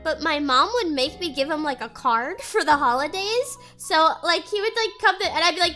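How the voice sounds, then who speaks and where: Bright, giggly young woman streamer. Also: extremely high pitch, lively intonation, brisk, hardly any pauses, soft background music. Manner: rambling, giggly, lots of "like". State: stuffy nose. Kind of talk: casual chat reading chat aloud.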